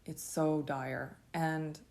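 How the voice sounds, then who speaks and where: A woman telling her own story in a halting, intense first-person monologue. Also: deep voice, level tone, a little mellow.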